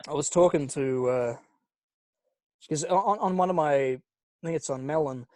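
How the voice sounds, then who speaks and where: A man's voice: fairly high pitch, normal speed, warm tone, no echo. A young man co-hosting a podcast, telling rambling, sweary stories in casual chat. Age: young adult. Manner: rambling storytelling, lots of fillers and swearing. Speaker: podcast co-host.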